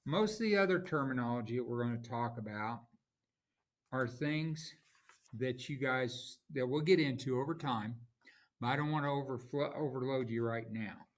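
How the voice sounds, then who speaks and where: A man teaching a recorded lesson, explaining in a slow, informal way and correcting himself as he goes. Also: mid-range voice. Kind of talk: recorded lecture.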